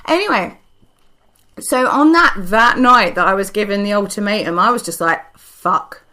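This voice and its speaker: Young woman, earnest, sweary podcast co-host; mid-pitched, animated storyteller. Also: moderate pace. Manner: heavy swearing, emotional and earnest; animated, tumbling restarts.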